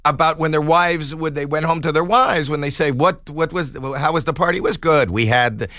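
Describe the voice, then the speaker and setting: A man in his sixties, a podcast guest telling a comic story in an animated way and acting out the quoted voices. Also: a little high, fairly quick, dry recording, studio quality.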